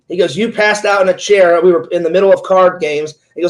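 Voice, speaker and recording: A man's voice: high voice, normal speed, few pauses, low-quality recording. A man in his forties, an interviewer and streamer, telling a long casual story full of quoted back-and-forth. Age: 40s. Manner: rambling retelling full of "he goes" quotes.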